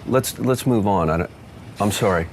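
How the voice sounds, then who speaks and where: A man's voice: lowish voice, moderate pace, slight background noise. A man interviewing in a mock-serious documentary style, earnest and probing.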